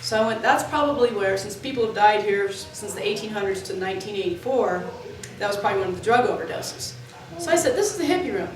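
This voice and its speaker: Her mid-range voice moves fast as this Floridian club worker rambles through animated anecdotes, hopping from tangent to tangent with plenty of fillers. The echoey indoor setting in the club building, a distant mic and faint noise shape the sound.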